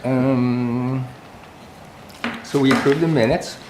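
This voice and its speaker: A man chairing a town committee meeting, relaxed and halting, with many pauses and fillers. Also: mid-range voice. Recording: echoey meeting room with faint noise.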